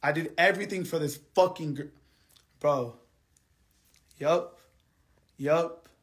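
A man ranting angrily to his livestream viewers. He swears heavily, repeats himself, and swings between quiet, subdued stretches and heated outbursts. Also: a little high, slow. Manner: angry, heavily profane venting; repetitive, drops quiet then heats up. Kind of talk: live stream rant to viewers.

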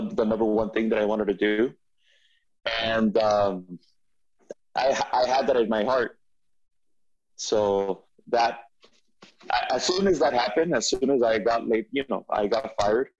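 Animated man telling a story, muffled. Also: lowish voice, unhurried. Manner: animated storyteller, frequent restarts and repeats. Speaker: podcast guest. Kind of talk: storytelling in a casual interview. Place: studio.

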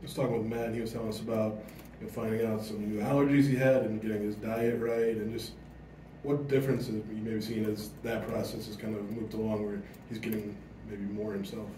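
A man's voice: lowish voice, little pitch movement, fairly quick, warm tone, slight background noise. A man, a reporter, asking a question at a press conference in loose, casual phrasing. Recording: echoey room, distant mic.

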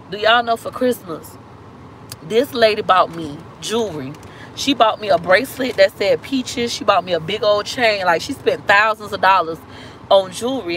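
A woman's voice: medium pitch, fairly bright tone, slight background noise, poor audio. A woman vlogger telling a painful family story on a live stream, blunt and emotional, with casual slang and cursing. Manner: talks fast in bursts, slows down on hurtful points.

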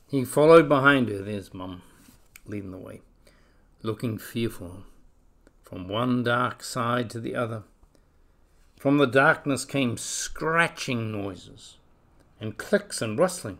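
A man reading a children's story aloud, expressive and dropping to a whisper at scary moments. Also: medium pitch, unhurried. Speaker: story reader.

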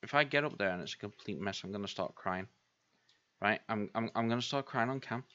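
A man's voice: lowish voice, a little fast, a bit bright. A man hosting a gaming video, commenting on his own play and scolding himself in exasperated outbursts. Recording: dull lo-fi sound.

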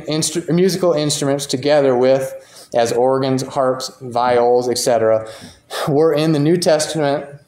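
A man's voice: fairly high pitch, mellow. A man teaching a church Bible class in a conversational way, reading quotations aloud and commenting on them. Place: church meeting room. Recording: roomy echo.

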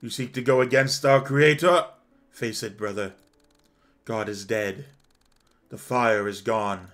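A man's voice: medium pitch, fairly even intonation, slow, a bit bright. A man reading out a game's story while voicing a desperate male angel council member who stammers and pleads. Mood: panicked pleading.

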